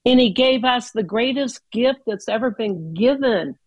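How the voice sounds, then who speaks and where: A woman giving a reflective, earnest devotional talk in a conversational way, with pauses and fillers. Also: a little high, expressive, darkish tone, no room sound, poor audio. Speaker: speaker sharing a Christmas reflection.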